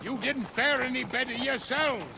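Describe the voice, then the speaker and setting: An actor playing a haughty medieval chamberlain who talks down to others, with music behind him in a game. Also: male voice, very high-pitched, normal speed, vocal fry, background noise. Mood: scornful. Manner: scornful, commanding.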